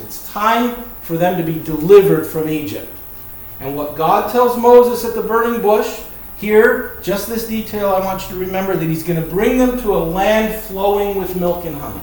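A man with a Virginia accent delivers a Bible teaching sermon, emphatic and folksy, repeating his key points. His voice sits high and he speaks at a normal speed. The distant mic picks him up in a very echoey room.

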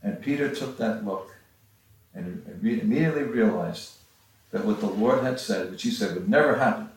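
A man giving a halting Bible-teaching sermon, with frequent restarts and pauses. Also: on the low side. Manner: halting, many restarts and fillers. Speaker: preacher. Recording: far from the mic in a very echoey room.

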